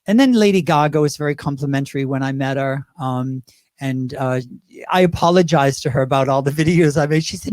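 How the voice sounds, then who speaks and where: Chatty drag performer, dry sound. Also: male voice, mid-range voice, a little fast, a little mellow, dry recording. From Great Britain. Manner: chatty, rambling, slips into impressions. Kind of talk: casual interview storytelling.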